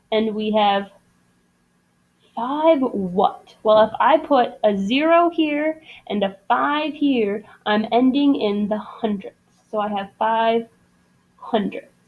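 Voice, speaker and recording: A woman's voice: a little high, phone-quality sound. A woman teaching a math lesson, explaining patiently step by step. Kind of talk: recorded classroom lesson.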